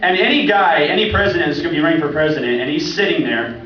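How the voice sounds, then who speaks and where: A man's voice: on the high side, fast talker, lo-fi sound, a little hiss or hum. A young man from Oregon doing stand-up comedy at an open-mic night, rambling and laughing at his own jokes. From Oregon, USA. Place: comedy club stage. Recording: echoey club recorded from far off.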